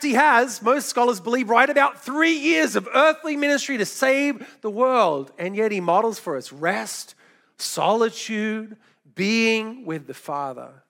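A middle-aged male pastor giving a sermon in a conversational, storytelling way, with quick asides and light laughs. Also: sits high, vocal fry, a bit bright.

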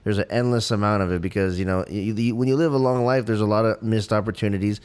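A man with a fairly low voice muses in a relaxed way on a casual podcast. He pauses and restarts as he works through his thoughts. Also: smooth. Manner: laid-back, reflective, hesitant. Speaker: podcast co-host. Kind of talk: casual chat.

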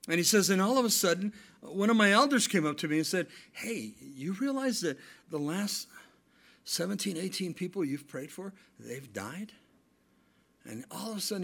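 A middle-aged man preaching to his church, telling stories with a fairly high voice. He climbs to loud, emphatic peaks and then drops to a hush. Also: big pitch swings, normal speed, creaky, slightly rough. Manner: storytelling preacher, swings from loud to hushed. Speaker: pastor. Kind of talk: sermon.

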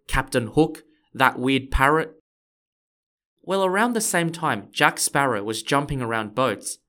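A man hosts and narrates a history podcast from a script. His mid-pitched voice has a friendly, explanatory tone with the odd playful touch. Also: fairly bright tone. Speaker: podcast host.

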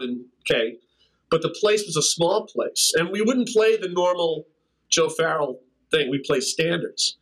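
A man's voice: fairly high pitch, a bit bright, rough recording. An older man, a drummer and interview guest, telling rambling anecdotes in casual conversation and scatting rhythms. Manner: rambling anecdotes with scat-sung drum rhythms and laughs. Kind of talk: casual storytelling.

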